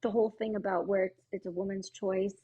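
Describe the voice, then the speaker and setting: A woman psychotherapist speaking earnestly in a casual podcast discussion, pausing with many fillers. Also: mid-range voice, level tone, warm tone, husky, dull audio. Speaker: psychotherapist guest.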